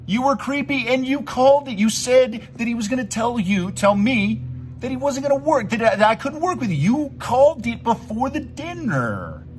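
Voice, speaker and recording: A man's voice: very high voice, big pitch swings, normal speed, slight background noise. A young man delivering an angry, profane rant at someone, mocking him and calling him "dude" again and again. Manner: heated, profane, mocking, repeatedly says "dude". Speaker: YouTuber responding to a video.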